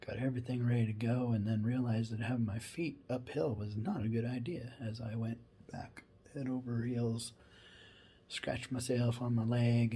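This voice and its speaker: A man's voice: mid-range voice, dark tone, husky. Laid-back man telling a funny story. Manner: laid-back, rambling, with fillers and trailing asides. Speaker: former wildland firefighter. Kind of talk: casual humorous storytelling.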